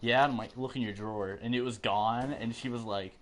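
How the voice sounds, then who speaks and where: A teenage boy hosts a podcast, chatting casually about school stories and acting out the voices of the people in them. He laughs often, speaking a little fast in a steady, medium-pitched male voice.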